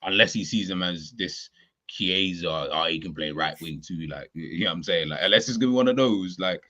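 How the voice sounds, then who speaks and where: A man's voice: sits low, a little fast, pushed and bright, muffled recording. A man ranting animatedly in a casual football chat, full of slang. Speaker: podcast guest.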